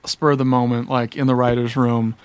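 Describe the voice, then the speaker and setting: A man's voice: medium pitch, flat delivery, brisk, smooth, no room sound. A man guesting on a comedy podcast, talking loosely and joking, swearing freely as he riffs. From Chicago. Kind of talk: casual comedic chat.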